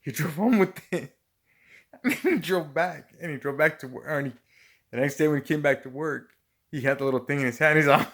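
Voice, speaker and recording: A man's voice: on the high side, fairly quick. A middle-aged man casually telling work stories, swearing constantly and often breaking into laughter. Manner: profane, laughing often, animated retelling. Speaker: storyteller. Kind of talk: casual storytelling.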